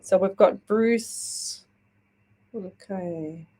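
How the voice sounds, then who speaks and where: A woman's voice: mid-range voice, dark tone, slightly rough. Chatty psychic woman. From Australia. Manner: chatty, reads out comments, halting with fillers. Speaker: psychic medium host. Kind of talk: live-stream psychic readings.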